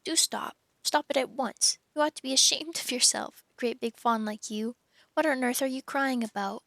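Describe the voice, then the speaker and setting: A woman's voice: on the high side, expressive, moderate pace, creaky, a bit bright, dry recording. A woman voicing an earnest, worried young girl who pleads and insists in a raised voice.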